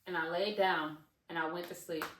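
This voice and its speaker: A woman's voice: on the low side, steady tone, normal speed, a bit bright, roomy sound, far from the mic. A woman vlogger telling a casual storytime, rambling with many fillers and restarts.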